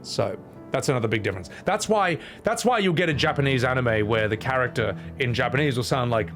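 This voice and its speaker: A man's voice: medium pitch, animated, fairly quick, fairly bright tone. Aussie guy streaming a game, ranty and sweary, music going under him. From Australia. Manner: blunt opinionated ranting with swearing. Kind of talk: casual gaming commentary.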